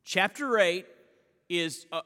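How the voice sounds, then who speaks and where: A man's voice: sits high, lively intonation, takes it slowly, sharp tone, big-room sound. A man preaching an expository sermon, reading scripture aloud with earnest restarts in a church sanctuary. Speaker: pastor.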